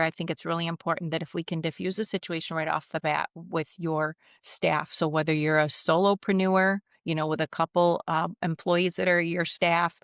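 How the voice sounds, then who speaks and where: Gravelly, flat-voiced woman telling stories. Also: deep voice, no echo, studio quality. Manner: vivid, anecdotal, acts out quoted voices. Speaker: guest, retired police commander. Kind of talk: conversational storytelling.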